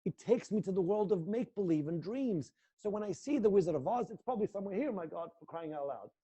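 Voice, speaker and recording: A man's voice: high voice, expressive, quick pace, mellow, breathy edge. Intense, coaxing acting teacher, man. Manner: intense, coaxing, swears freely. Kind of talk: guided acting exercise in a live class.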